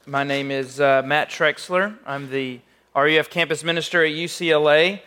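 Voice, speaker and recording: A man's voice: a little high, steady tone, moderate pace, sharp tone, clean tone. A man preaching a sermon in a church, as a campus minister, casual and joking, telling a story with animation. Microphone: microphone.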